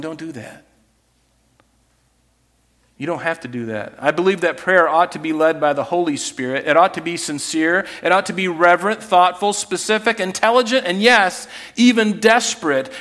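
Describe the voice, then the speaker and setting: A man preaching a sermon as pastor, animated and acting out scripture scenes with put-on voices, in a church sanctuary. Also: sits high, in a large hall.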